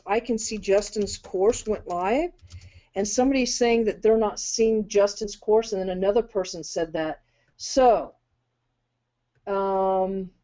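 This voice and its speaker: A woman hosting a live webinar, running through viewer questions in a brisk, direct way. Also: medium pitch, warm tone. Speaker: webinar host. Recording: dull lo-fi audio.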